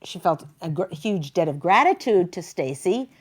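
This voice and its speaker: Female talk host, lower register; warm-hearted storyteller, filler-heavy and emotional. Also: big pitch swings, normal speed, slightly rough. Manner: chatty, emotional retelling with many fillers. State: near tears.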